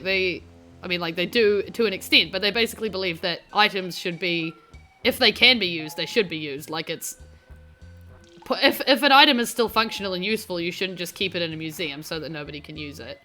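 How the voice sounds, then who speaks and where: A woman's voice: on the low side, fairly quick, sharp tone, faint music behind. A young woman with a New Zealand accent, rambling and swearing casually while commentating on a game she is playing. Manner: rambling, sweary, self-mocking. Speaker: game streamer. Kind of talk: casual let's-play commentary.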